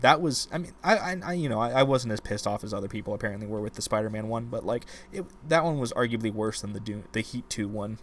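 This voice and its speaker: A man co-hosting a podcast, casually discussing a novel and retelling its scenes in an animated, ranting way. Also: lowish voice. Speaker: podcast co-host.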